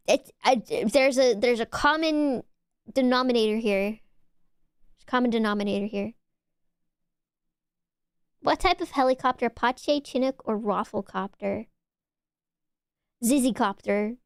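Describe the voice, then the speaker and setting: A woman's voice: a little high, clear, resonant tone, no echo, clean studio sound. A young woman streaming, chatting casually with her viewers in a giggly, teasing, rambling way.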